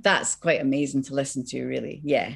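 A woman with a Scottish accent, a voice actress chatting as a guest in an interview, lively and quick to laugh. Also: a bass voice, gravelly, husky. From Scotland. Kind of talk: casual interview chat.

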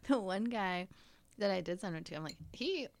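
A woman's voice: medium pitch, animated, normal speed, a little hiss or hum. A woman in her thirties, a little congested, telling a story in casual chat with lots of fillers and laughter. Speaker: podcast guest.

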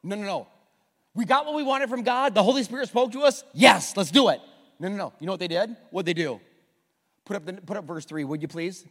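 A male pastor preaching a sermon, swinging from hushed asides to loud, repeated calls. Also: sits high, brisk. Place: church sanctuary. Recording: long reverb of a church hall.

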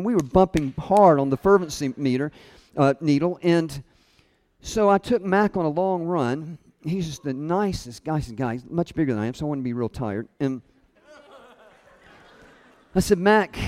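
A middle-aged man giving a storytelling sermon, self-deprecating and funny, chuckling often and dropping his voice soft and low at tender moments. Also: expressive, normal speed. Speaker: speaker at a college chapel.

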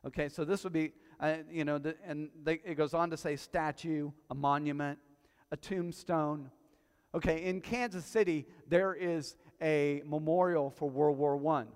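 A male pastor preaching a sermon to his congregation, telling stories with quiet asides that build to loud, emphatic peaks. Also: on the high side. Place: church hall before a congregation. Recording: long hall reverb.

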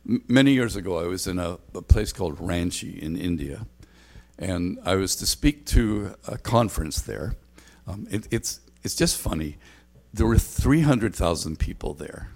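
Older male pastor, lowish voice, earnest conversational sermon delivery with restarts. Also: animated, moderate pace, creaky, darkish tone.

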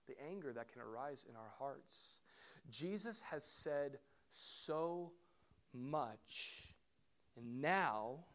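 A middle-aged man, a pastor, preaching a sermon in an animated way, with questions and asides to the congregation. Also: mid-range voice.

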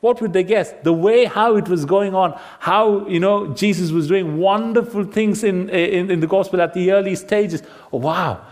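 A man preaching a sermon to a seated congregation. He asks rhetorical questions, acts out the voices in his stories and sometimes drops to a hushed tone for emphasis. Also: high voice, moderate pace, few pauses. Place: church congregation.

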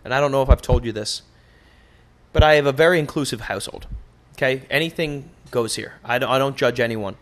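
A young man hosting a casual solo podcast, joking and cursing through loose, animated stories. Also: mid-range voice, brisk. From United States. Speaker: podcast host.

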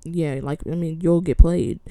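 A young woman from Los Angeles in casual chat, relaxed and a bit hesitant. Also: sits low, unhurried, clear, resonant tone, no echo.

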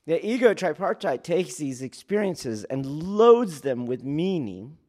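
A man's voice: on the high side, very animated, a little slow. Man explaining, asking "do you see?". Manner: keeps checking in with "do you see?"; acts out trainees and yelling officers in sudden loud bursts. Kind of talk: casual teaching talk.

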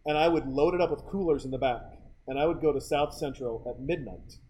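Fast-talking animated male storyteller. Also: fairly high pitch, slight background noise, rough recording. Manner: animated storyteller acting out quoted voices, laughs often. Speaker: podcast guest telling stories. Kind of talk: casual chat.

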